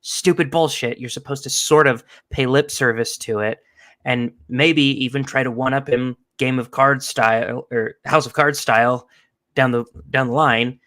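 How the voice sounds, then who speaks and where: A man's voice: mid-range voice, moderate pace. A young man co-hosting a casual podcast, ranting and acting out the people in his stories. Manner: animated storytelling, acts out quoted people. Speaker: podcast co-host.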